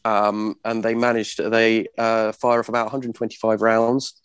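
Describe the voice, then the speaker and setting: A man presenting a history talk from his notes, with a lowish voice and frequent ums as he corrects himself mid-sentence. The sound is dry and close, with little room echo. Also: flat delivery, smooth. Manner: halting, many ums and self-corrections. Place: room with a small live audience.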